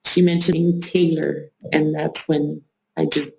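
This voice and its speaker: A woman telling a personal story in a casual, animated way, acting out the people she quotes. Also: low voice, slow pace, gravelly, reverberant, low-quality recording. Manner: animated, laughing, acts out quoted speech. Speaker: guest sharing a personal story.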